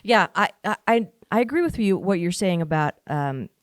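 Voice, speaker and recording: Woman podcast host, low-set voice, dry close sound, agreeable and chatty. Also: animated, normal speed, no echo. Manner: warmly agreeing, filler-heavy. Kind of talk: casual podcast conversation.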